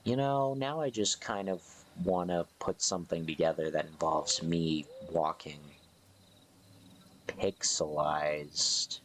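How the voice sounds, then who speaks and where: A man chatting casually on a live stream, sleepy and yawning, rambling slowly in a playful, offhand way. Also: low voice, fairly bright tone, slight background noise.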